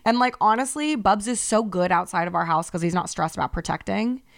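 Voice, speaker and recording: A young woman co-hosting a podcast, telling a story in casual chat, animated and swearing freely. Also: mid-range voice, a little fast, creaky. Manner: animated, swears freely, acts out voices in anecdotes. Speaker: podcast co-host.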